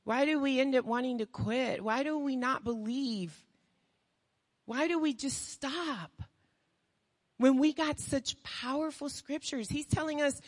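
A woman preaching a sermon with passion, firing rhetorical questions and swinging from hushed tones to shouting. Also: sits high, measured pace, big-room sound.

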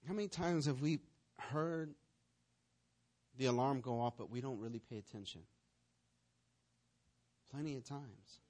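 A man's voice: mid-range voice, unhurried, pauses often, darkish tone. A man preaching a sermon as pastor, telling stories, acting out the voices in them, and putting questions to the congregation. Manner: storytelling, acts out voices and scenes.

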